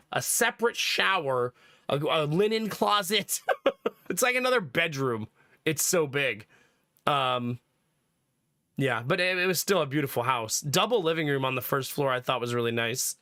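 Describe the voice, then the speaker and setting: Streamer guy with a cold telling a story to chat, bright voice, dry close mic, kinda high. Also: expressive, moderate pace, no room sound. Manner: chatty storytelling, laughs often, acts out quotes. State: has a cold.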